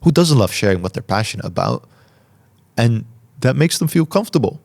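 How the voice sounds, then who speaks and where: A man hosting a podcast, answering listener questions in a calm, reflective way and articulating each word carefully. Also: mid-range voice, a little fast, gravelly. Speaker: podcast host. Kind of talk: solo Q&A talk.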